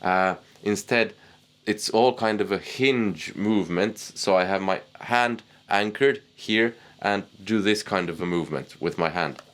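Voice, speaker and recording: A man teaching guitar technique in a casual, relaxed way, poking fun at himself. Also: fairly low pitch, measured pace. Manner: relaxed, self-deprecating, chuckles at himself. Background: guitar playing.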